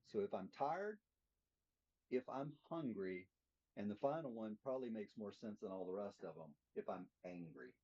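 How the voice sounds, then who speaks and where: Mellow, husky-voiced man teaching a class. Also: on the low side. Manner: plainspoken, asks the group questions. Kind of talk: interactive teaching talk. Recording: dull lo-fi recording.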